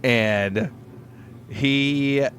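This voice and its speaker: A man's voice: mid-range voice, very slow, slight background noise. A man co-hosting a podcast, telling stories in casual, profane chat and acting out the people in them. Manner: animated storytelling with swearing and put-on quotes. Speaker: podcast co-host, delivery driver.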